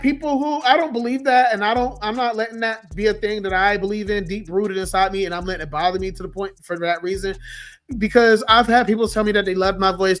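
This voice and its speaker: A man in his twenties with a hoarse, worn-out voice from a sore throat, telling a story in an animated, profane, ranting way. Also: sits high. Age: 20s. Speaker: social media host. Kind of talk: casual storytime rant.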